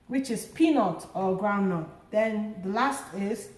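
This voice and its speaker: A woman teaching a language lesson, drawing words out slowly and sounding their tones in drills. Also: medium pitch, lively intonation, darkish tone, echoey room, poor audio. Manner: drawn-out sung word drills. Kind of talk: slow tone-marking lesson.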